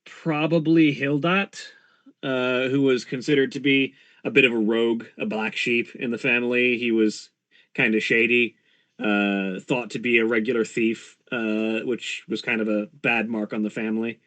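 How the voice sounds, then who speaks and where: A man running a tabletop game as game master, narrating in a relaxed, easygoing way. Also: mid-range voice, moderate pace.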